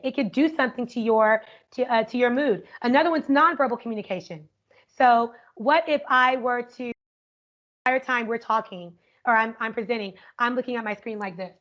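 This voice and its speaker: A woman educator leading an interactive online workshop, energetic and upbeat, often checking in with "right?", speaking over a video call. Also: a little high. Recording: muffled lo-fi video call audio.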